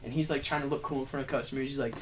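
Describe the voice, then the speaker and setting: A young man chatting as a podcast guest, telling stories in an animated, profane way. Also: medium pitch, racing, a little hiss or hum. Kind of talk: casual chat.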